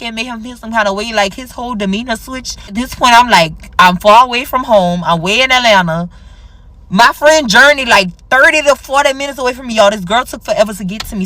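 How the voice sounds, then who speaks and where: A young woman telling a personal story casually, acting out the dialogue with big jumps in her voice. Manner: animated, acts out quoted dialogue with big pitch jumps.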